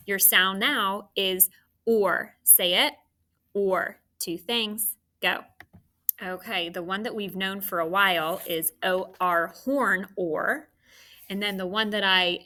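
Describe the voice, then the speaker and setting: A woman teacher leading a phonics dictation lesson, giving slow, carefully enunciated instructions to students. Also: mid-range voice, pushed and bright.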